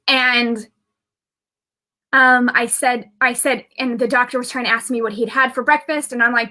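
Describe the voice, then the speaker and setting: Bright-voiced woman rambling through a story. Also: on the high side, fairly even intonation, unhurried. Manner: rambling, restarts often, many fillers. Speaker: intuitive medium. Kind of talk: personal storytelling on a live video.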